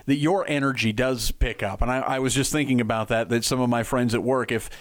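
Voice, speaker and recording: A man from Nebraska hosts a radio interview in a middle-pitched voice. He talks casually and a little loosely, circling back and restarting his sentences. The tone is friendly and conversational. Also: fairly even intonation, fairly quick. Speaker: radio host.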